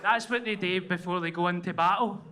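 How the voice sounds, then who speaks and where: A man's voice: sits high, a little fast, bright, forceful tone. A man with a Glaswegian accent hosting a live podcast, trading sweary, laughing, teasing banter on stage. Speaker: podcast host. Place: live show venue with audience. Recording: live audience crowd noise.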